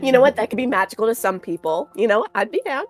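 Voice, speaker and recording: A woman's voice: on the high side, animated, fast talker, over loud music. A woman playing a tabletop game, talking casually in a playful, giggly way. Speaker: player.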